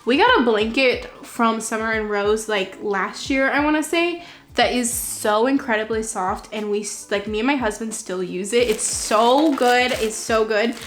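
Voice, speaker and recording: A young woman chatting casually while unboxing, excitable and gushing, laughing often. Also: fairly high pitch, moderate pace, roomy sound. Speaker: vlogger unboxing a subscription box. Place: home room, seated on a chair.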